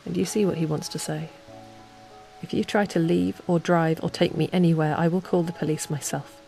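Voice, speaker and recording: A woman narrating a calm bedtime story in the second person, at an unhurried pace. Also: lowish voice, vocal fry. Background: soft ambient music.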